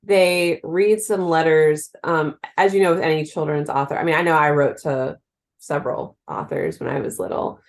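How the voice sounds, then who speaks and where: A woman co-hosting a casual podcast, chatty and quick to laugh. Her voice is on the lower side. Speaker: podcast co-host.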